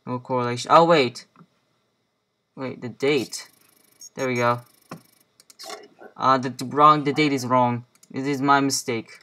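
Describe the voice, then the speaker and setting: A young man talks his way through a video game in an unhurried, drawn-out way, half muttering to himself. His voice is bright and a little sharp, and he plays up a bossy, joking tone. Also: medium pitch, steady tone. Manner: mutters to himself while playing, playfully bossy. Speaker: let's play gamer. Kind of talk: casual gameplay commentary.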